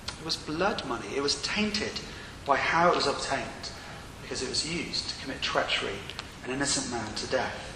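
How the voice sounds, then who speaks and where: A man's voice: medium pitch, expressive, normal speed, bright, forceful tone. A man preaching a sermon in a church, earnest, with rising and falling emphasis. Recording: echoey hall with long reverb and faint room noise.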